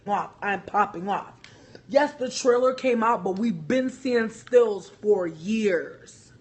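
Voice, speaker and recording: Guy w a high breathy voice, swearing a lot and rambling on a phone stream, like like like. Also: slow. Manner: profane, rambling, heavy use of "like". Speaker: vlogger. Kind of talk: casual livestream rant. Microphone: phone livestream.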